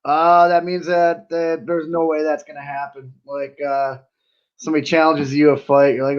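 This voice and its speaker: On a muffled recording, a wrestler appearing as a podcast guest talks casually and quickly breaks into laughter, peppering his speech with "you know." His fairly high voice barely moves in pitch.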